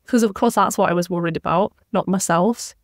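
A woman's voice: on the low side, fairly quick, dry recording, studio quality. A young woman, a podcast guest, chatting casually and acting out what people said to her. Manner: chatty storyteller, acts out quoted exchanges.

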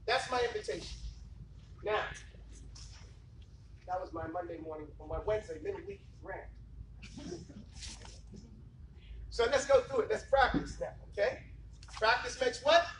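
A man's voice: high voice, expressive, a little slow, pauses often. A man, an Islamic teacher, giving an emphatic classroom lecture and keeping his students engaged with rhetorical questions. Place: classroom, indoors. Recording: echoey room from far off, faint noise.

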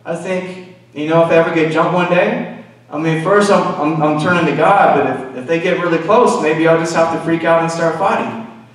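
In a big, echoing church sanctuary, a man with a slightly high voice delivers a conversational sermon testimony, candid and confessional, often dropping in "you know." He speaks at a moderate pace and sits far from the mic, so his voice arrives distant.

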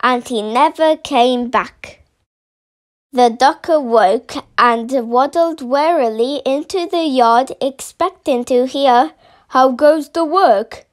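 Brief: woman storyteller, high voice, unhurried, rhythmic picture-book read-aloud.

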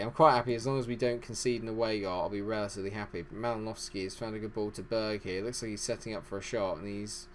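A man's voice: fairly low pitch, a little mellow, slight background noise. A man hosting a gaming channel, giving rambling, self-deprecating let's-play commentary.

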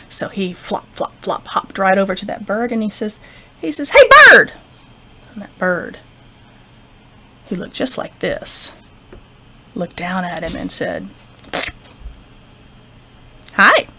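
A woman librarian telling a folktale to children, expressive, with whispers and sound effects. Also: medium pitch, unhurried, pauses often, slight background noise. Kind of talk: children's storytime narration.

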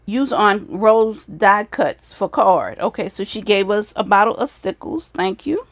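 A woman's voice: mid-range voice, no echo. Woman gushing over craft items, dry close sound. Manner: gushing, repeats praise often. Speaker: craft video host. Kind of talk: casual show-and-tell of craft swap items.

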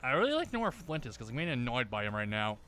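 Foul-mouthed man yelling over gameplay. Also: medium pitch, sing-song, very fast, clear, resonant tone, soft background music. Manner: profane, bursts into yelling at enemies. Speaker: gameplay streamer. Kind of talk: let's-play commentary.

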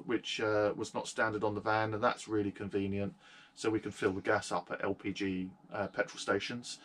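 A man giving a casual, matter-of-fact tour of his motorhome from inside it, with a fair number of ums and uhs. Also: medium pitch. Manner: steady, matter-of-fact, with hesitant fillers. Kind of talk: casual video walkthrough.

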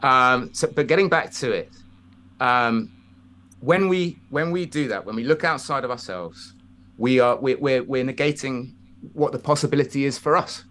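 A man hosts a relaxed conversation and tells parable-like stories at a mid pitch. He rambles and restarts often, but the talk stays reflective and steady. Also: normal speed, a little hiss or hum. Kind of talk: casual chat, storytelling.

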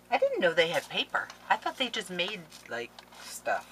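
A woman's voice: on the low side, wildly swooping pitch, moderate pace, a bit bright, slight background noise, low-quality recording. A woman scrapbooking vlogger opening a package on camera, gushing and playfully melodramatic in a casual chat. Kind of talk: casual unboxing vlog.

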